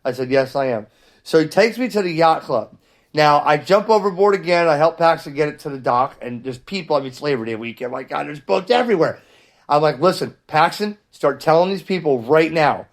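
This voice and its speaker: A middle-aged man, host of a hobby channel, telling a story in a casual vlog with an animated, exasperated delivery and frequent restarts. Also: fairly high pitch, fairly quick. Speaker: ham radio channel host.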